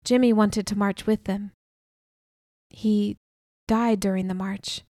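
A woman reading a remorseful gentle man. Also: mid-range voice, fairly even intonation, slow, no echo, clean studio sound. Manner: soft, subdued delivery.

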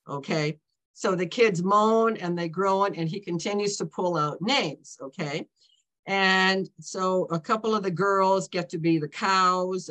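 Rambling woman in her seventies, lowish voice. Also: a bit bright. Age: 70s. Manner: rambling, frequent "okay?" and "you know" check-ins, self-interrupting. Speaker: author. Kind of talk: casual author talk, anecdotal storytelling.

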